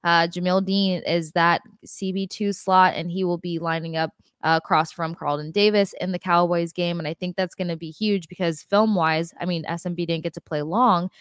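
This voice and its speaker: Lower-voiced woman, dry sports podcast. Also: normal speed, few pauses, smooth, no room sound. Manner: lively, emphatic, addresses fans directly. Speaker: podcast co-host. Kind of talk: casual sports chat.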